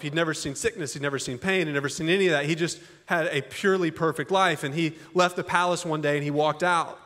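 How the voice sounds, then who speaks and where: Male pastor, conversational sermon delivery, slightly higher voice, long reverb of a church hall. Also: fairly bright tone. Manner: conversational, folksy preaching with rhetorical questions. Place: church auditorium.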